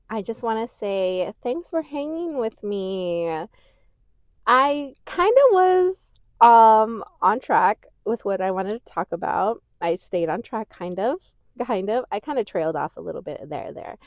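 A woman's voice: medium pitch, no room sound. A woman hosting a casual podcast, chatty and rambling, swearing freely and laughing easily as she gushes. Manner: laughs easily, gushing and animated. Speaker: podcast host. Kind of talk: casual chat.

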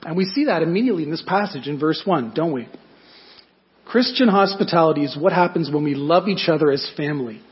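A man's voice: a little high, lively intonation, a little fast, dull audio. A man preaching a sermon in a conversational way, often asking his listeners rhetorical questions. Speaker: pastor.

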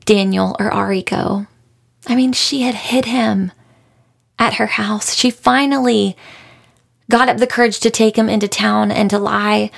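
A woman's voice: mid-range voice, vocal fry. A woman hosting a podcast, talking through a book she loved in an earnest, emotional, heartfelt way. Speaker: podcast host. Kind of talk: casual book review monologue.

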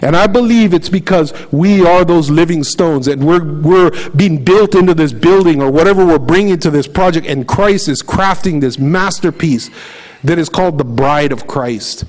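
A man's voice: fairly high pitch, normal speed, a little mellow, rough recording. A middle-aged man preaching a conversational sermon, reading scripture aloud and telling stories with animation. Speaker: pastor.

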